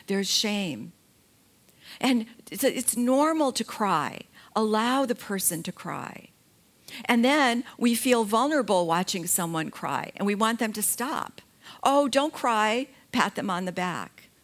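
A middle-aged woman giving a slow, gentle talk about grief, pausing often between phrases. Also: mid-range voice. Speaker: grief educator.

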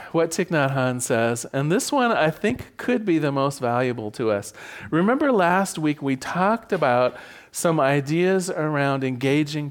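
A man teaching a class on relationships, talking gently and earnestly, often asking the group whether they agree. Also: fairly high pitch. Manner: gentle and earnest, acts out sample phrases softly.

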